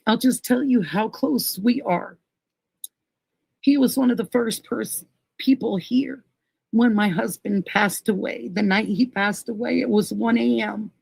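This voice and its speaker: A woman's voice: on the high side, unhurried, creaky, a little mellow, breathy edge, no room sound, low-quality recording. A middle-aged woman hosting a casual livestream, reading viewer comments aloud and gushing thanks to each person by name. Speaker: livestream host.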